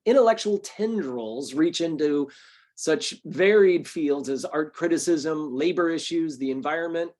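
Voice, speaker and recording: Club president, male, a bit high-pitched, halting delivery introducing a lecturer. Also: darkish tone. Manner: halting, frequent ums and uhs. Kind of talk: hesitant formal introduction.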